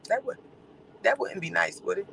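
Sassy campy guy gossiping on a livestream, high raspy-fry voice, teasing and laughing. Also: expressive, sharp tone, slight background noise, rough recording. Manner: drawn-out exclamations and laughter.

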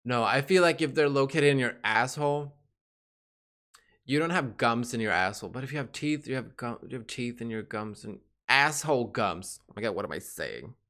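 A man reacts to clips in a casual, giddy way, swearing and laughing often. His voice sits in a middle pitch but swings widely up and down as he gets excited. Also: normal speed. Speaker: reaction video host.

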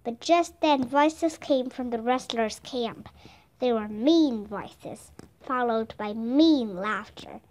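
A woman reading a children's chapter book aloud as a steady, careful narrator. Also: fairly high pitch, takes it slowly. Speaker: storybook reader. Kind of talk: scripted narration.

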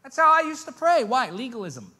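A young adult man preaching a sermon, shifting from soft, hushed storytelling to loud, emphatic preaching. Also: very high-pitched, big pitch swings, fairly quick.

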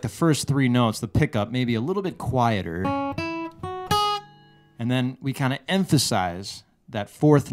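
A man teaching a guitar lesson, explaining a lick step by step in a measured way, often restarting his phrases. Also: medium pitch. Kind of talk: relaxed instructional explanation. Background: guitar playing.

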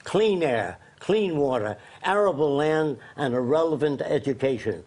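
Blunt male interview guest, emphatic lecturer, slightly high voice. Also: lively intonation, unhurried, a little mellow.

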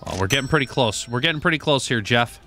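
Gaming creator, male: swings his pitch a lot and has a sharp, bright tone; jokes, swears, addresses NPCs. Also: fast talker, faint music behind. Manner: animated, joking, swears and talks to game characters. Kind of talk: casual gameplay commentary.

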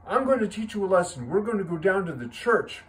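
A man putting on a shrill outraged dad. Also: big pitch swings, fairly quick, low-quality recording. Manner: shrill, sputtering indignation. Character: outraged strict father, shrill and indignant.

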